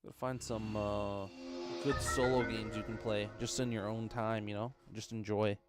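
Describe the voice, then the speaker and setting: A man's voice: on the low side, little pitch movement, normal speed, over loud music. A young man streaming a game, chatting casually in an exasperated, grumbling way and swearing freely. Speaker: gaming streamer. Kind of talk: casual gaming chat.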